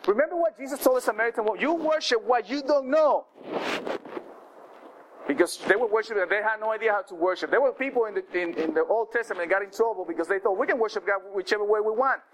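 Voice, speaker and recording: A man with a high voice preaches in a loose, conversational way, stumbling and restarting as he acts out quotes. There is clear background noise under the recording. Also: quick pace, low-quality recording. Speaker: pastor. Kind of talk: sermon.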